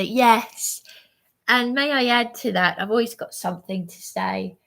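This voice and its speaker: A woman's voice: mid-range voice, takes it slowly, creaky, fairly bright tone. A tired woman chatting casually on a livestream, rambling and hesitant with many restarts as she answers her chat.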